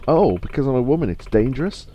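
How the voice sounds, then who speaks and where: A man's voice: mid-range voice, lively intonation, fast, mellow, a little hiss or hum, pitched above the performer's own voice, lightly acted. A man reading a curt, defiant young woman. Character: tough, sharp-tongued young woman.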